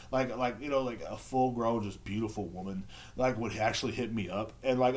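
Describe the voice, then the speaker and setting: A man hosting a casual solo podcast, rambling and swearing, with lots of filler words and restarts. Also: mid-range voice. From United States. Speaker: podcast host.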